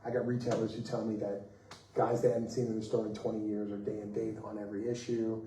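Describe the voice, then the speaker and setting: A man, a comics writer on a festival panel, telling anecdotes in a lively way, acting out the people he quotes and laughing as he goes. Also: on the low side, quick pace, distant mic, a little hiss or hum. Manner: animated, acts out quoted voices, laughs mid-story. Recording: roomy echo, voice off-mic.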